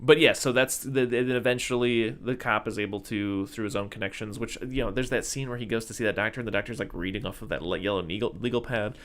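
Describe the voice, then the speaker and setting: Low-voiced man rambling about movies. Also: steady tone, quick pace, hardly any pauses, a bit bright. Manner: rambling, many fillers and restarts. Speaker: podcast host. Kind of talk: casual movie chat.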